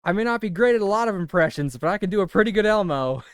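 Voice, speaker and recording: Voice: medium pitch, expressive, fast, clear, resonant tone, no room sound. A streamer in their thirties chatting casually and rambling while playing a video game. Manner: chatty, self-amused, rambling.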